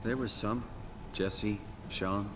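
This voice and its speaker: A man's voice: on the low side, fairly even intonation, slow. An actor voicing an earnest, plainspoken male survivor in a video game, recorded with gameplay noise behind him.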